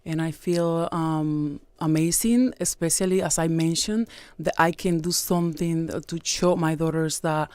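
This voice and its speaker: A young woman guest on a radio sports show, answering casually in a hesitant, soft-spoken way with many pauses and fillers. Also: low voice, fairly even intonation, clean tone, no room sound. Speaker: guest athlete. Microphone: studio mic.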